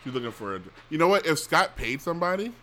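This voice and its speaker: Middle-aged male host, casual rant, blunt and profane, bright forceful tone. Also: fairly high pitch, very animated, fast. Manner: blunt, complaining, profane, with restarts. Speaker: show host. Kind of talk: casual rambling chat.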